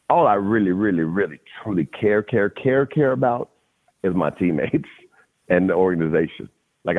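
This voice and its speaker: A middle-aged man telling a story as a podcast guest, animated and slangy, often addressing the host by name. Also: deep voice. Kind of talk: casual storytelling. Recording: tinny phone-like audio.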